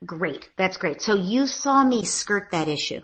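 Woman parenting author, breathy husky voice, gentle coaching tone, models calm talk to kids. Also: medium pitch, measured pace. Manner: gentle, coaching, acts out soothing talk to children. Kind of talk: conversational advice, acting out examples.

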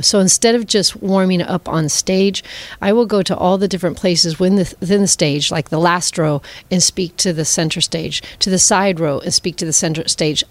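A woman's voice: fairly low pitch, no echo. A woman, a performer and teacher, answering interview questions in a candid, reflective way. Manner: reflective, candid, frequent fillers. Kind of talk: casual interview talk.

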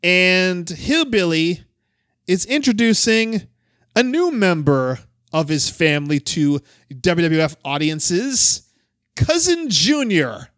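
A man's voice: high voice, a bit bright, no echo, clean studio sound. A man hosting a podcast, introducing a clip and chatting casually with a co-host, often laughing. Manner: laughing, loose and conversational. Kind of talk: casual chat.

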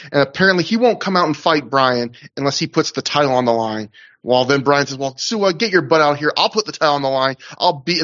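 A man's voice: fairly high pitch, fairly bright tone, highs cut off. A man co-hosting a casual podcast, rambling through a wrestling show review with lots of fillers and restarts. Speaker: podcast co-host.

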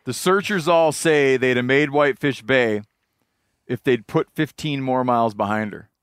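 A man's voice: medium pitch, moderate pace, smooth, no room sound, studio quality. A man hosting a podcast, telling rambling fishing stories and laughing along in casual chat. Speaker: podcast host.

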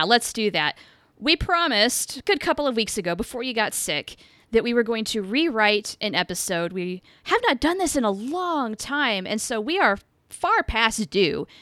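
A woman co-hosting a podcast in casual chat, upbeat and quick to laugh. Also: fairly high pitch, very animated, a bit bright, no room sound. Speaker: podcast co-host.

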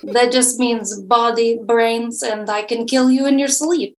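A woman's voice: fairly high pitch, a little slow, natural voice, low-quality recording. A woman doing a brash Russian femme fatale. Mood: deadpan boastful. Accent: put-on Russian. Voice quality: deadpan, boastful, broken grammar. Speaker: podcast guest. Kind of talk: improvised comedy character.

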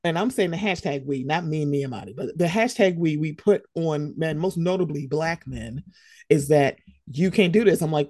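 A woman co-hosting a casual conversation podcast, talking in an animated way and acting out quoted reactions with big jumps in pitch. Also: normal speed, no room sound, studio quality. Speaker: podcast co-host.

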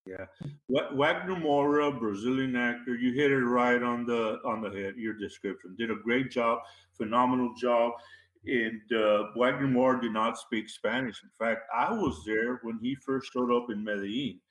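Male guest, emphatic storyteller, mid pitch, roomy echoey sound. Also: normal speed, fairly bright tone. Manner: emphatic, repeats key phrases. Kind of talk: casual interview talk. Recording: roomy echo.

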